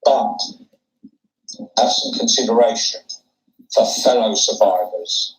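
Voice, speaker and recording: A man's voice: medium pitch, slow pace, poor audio. A man ranting emphatically in a played livestream clip. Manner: emphatic, argumentative. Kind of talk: ranting monologue. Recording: clip with music underneath. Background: music.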